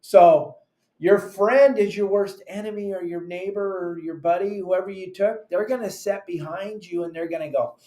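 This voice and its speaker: A man hosting a fishing podcast as a captain, giving casual, animated advice and acting out his friends' lines. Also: high-pitched, normal speed, reverberant. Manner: animated, acts out friends' voices in quotes.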